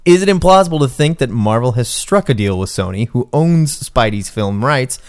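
A man's voice: mid-range voice, animated, normal speed, darkish tone. A man co-hosting a comics news podcast, emphatic and sarcastic in casual chat. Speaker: podcast co-host.

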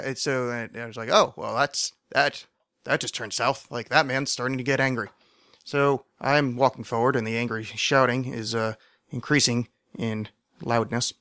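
A man hosting a podcast, telling a long story in a wry, rambling way and sometimes acting out shouted quotes. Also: medium pitch, fairly even intonation, moderate pace, clear, resonant tone, no room sound, studio quality. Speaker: podcast host. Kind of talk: casual storytelling monologue.

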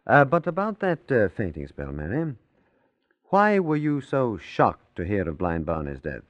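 A man's voice: fairly low pitch, huge pitch swings, unhurried, dry recording. An actor playing a polite, probing male detective in 1940s radio acting style. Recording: dull old radio recording.

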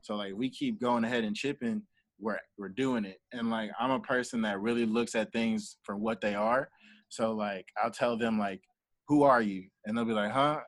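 A man's voice: on the low side, fairly even intonation, moderate pace, dry recording. A young man, a manager and entrepreneur, talking casually in an interview and acting out quoted dialogue as he tells his stories. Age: young adult. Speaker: guest, entrepreneur and artist manager.

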